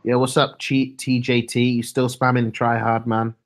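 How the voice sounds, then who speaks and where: A young male streamer chats loosely with his viewers in an average-pitched voice. He mumbles through his sentences, and reads messages aloud in a relaxed, offhand way. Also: normal speed. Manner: laid-back, mumbling, reads chat aloud. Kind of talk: casual live-stream chat.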